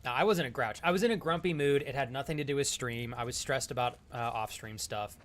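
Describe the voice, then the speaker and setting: A man's voice: mid-range voice, a little fast. A young man streaming a game, chatting casually with viewers and making crude jokes. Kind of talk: casual live-stream commentary.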